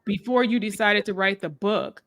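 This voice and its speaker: A woman's voice: mid-range voice, moderate pace, fairly bright tone. Woman interviewer; mid-range voice, probing, rambling questions. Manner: searching, rambling questions with restarts. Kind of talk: interview conversation.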